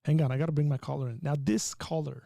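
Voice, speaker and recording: A man hosting a live call-in stream. His voice is mellow and gravelly, and it sounds dry and close. He teaches and jokes in an animated way, pushing hard on the points he stresses. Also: a little high, fast talker, no room sound. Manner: animated and joking, teaching with rising emphasis. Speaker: livestream host. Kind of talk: live call-in show chat.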